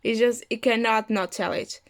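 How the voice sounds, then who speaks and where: A woman's voice: on the high side, fairly even intonation, normal speed. A woman vlogger casually telling a funny personal story in a chatty, rambling, amused way.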